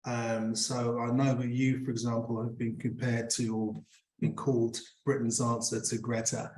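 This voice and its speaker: A man's voice: medium pitch, little pitch movement, normal speed, a little mellow. Rambling male interviewer, roomy sound. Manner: rambling questions, many ums and restarts. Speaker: interview host. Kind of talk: conversational interview. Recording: echoey room.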